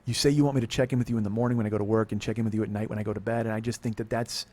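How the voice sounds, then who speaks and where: Fast-talking, profane storytelling man. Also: lowish voice, little pitch movement, dark tone. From California. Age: middle-aged. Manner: rambling, profane, self-interrupting storytelling. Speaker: podcast host. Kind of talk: confessional monologue.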